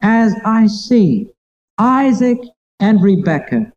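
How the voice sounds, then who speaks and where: A preacher delivers a sermon with earnest tenderness, leaning on key phrases slowly and deliberately. The voice sits at a middling pitch, and the recording sounds somewhat dull and muffled. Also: sing-song, a little mellow.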